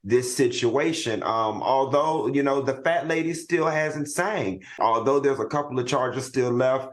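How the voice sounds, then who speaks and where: Teasing, flirty male talk show co-host. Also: medium pitch. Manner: teasing and flirtatious, quick to laugh. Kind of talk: casual talk show banter.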